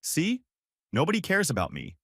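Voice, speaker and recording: A man's voice: on the high side, wildly swooping pitch, moderate pace, bright, forceful tone, husky, no room sound, studio quality, voice pushed up, heavily acted. Man doing a whiny, weepy aunt. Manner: whiny, pleading. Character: weepy, self-pitying grown woman.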